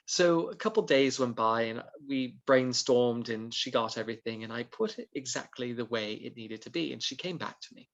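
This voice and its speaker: Gravelly man telling a story. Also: medium pitch, moderate pace. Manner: lively storyteller who acts out his own past remarks. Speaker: guest, founder of a monarchist society. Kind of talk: anecdotal interview storytelling.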